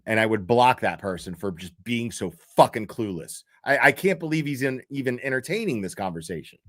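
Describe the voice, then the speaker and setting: Annoyed guy ranting and cussing at posts he reads out, mid pitch, dead dry close mic. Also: lively intonation, a little fast, hardly any pauses, fairly bright tone, no room sound. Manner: profane, exasperated, mocking. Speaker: commentary streamer. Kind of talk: ranting reaction commentary reading posts aloud.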